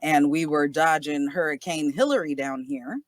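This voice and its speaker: A woman in her thirties from Southern California hosting a casual podcast chat, animated, laughing often and swearing casually. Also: low-pitched, moderate pace, no room sound. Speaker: podcast host.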